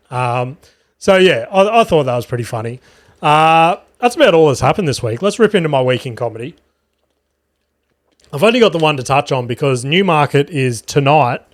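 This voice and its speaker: A man's voice: a little high, no echo, clean studio sound. A young man hosting his own podcast, telling rambling, profane stories in a casual way. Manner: rambling and profane, with frequent fillers and laughter. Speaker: podcast host and stand-up comedian. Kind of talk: casual storytelling monologue.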